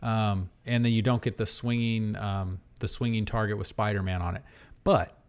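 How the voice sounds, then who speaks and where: A man's voice: lowish voice, fairly even intonation, normal speed. A man hosting a casual podcast, chatting and reading out listings and prices. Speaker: podcast host.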